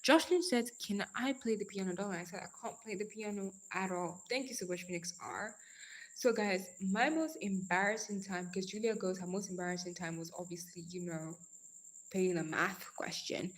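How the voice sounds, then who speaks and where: Young woman, live-stream host, energetic casual chat, affectionate pet names. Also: medium pitch, normal speed. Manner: energetic, calls viewers darling and girl.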